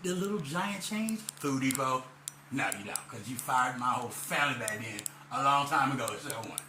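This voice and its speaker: A man's voice: on the high side, reverberant, slight background noise. A man ranting to the camera in a rambling, angry, profane monologue. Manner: loud and heated in the second half. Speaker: vlogger.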